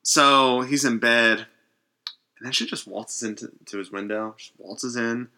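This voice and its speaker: A man in casual chat, recapping a horror episode in an animated way and acting out quotes. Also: mid-range voice, measured pace. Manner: animated, acts out quotes in varied voices, swears freely.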